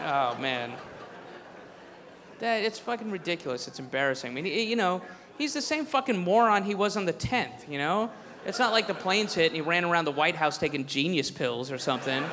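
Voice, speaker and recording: A man's voice: on the high side, animated, a little fast, bright, forceful tone, slight background noise. A man doing a stand-up set, ranting in a profane, sarcastic way. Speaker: stand-up comedian. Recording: echoey hall with faint crowd.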